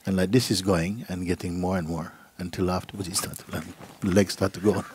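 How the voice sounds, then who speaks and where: A middle-aged man, a spiritual teacher, giving a gentle, unhurried talk and acting out voices in his stories. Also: low voice, steady tone, slight background noise. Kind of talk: satsang talk, storytelling. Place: gathering hall.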